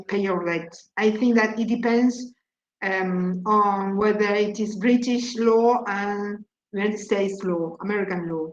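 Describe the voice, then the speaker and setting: A woman from Argentina teaching an online English class, explaining vocabulary in a halting way and repeating words as she thinks. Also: mid-range voice. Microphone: video call. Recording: echoey, dull call audio.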